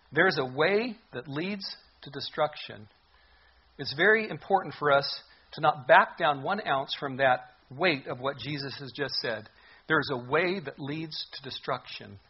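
Pastor, male, husky voice, earnest emphatic sermon, muffled lo-fi recording. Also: medium pitch. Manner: earnest, emphatic preaching with repetitions.

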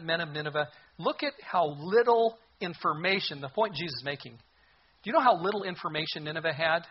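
A man preaching a sermon in an animated way, with sudden loud bursts and mocking asides. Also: on the high side, slightly rough, muffled recording. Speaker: pastor.

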